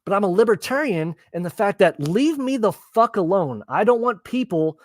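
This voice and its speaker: A man's voice: high-pitched, very animated, moderate pace, no room sound. A man ranting bluntly and profanely while reacting to the news in casual commentary. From Texas. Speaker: political commentary host.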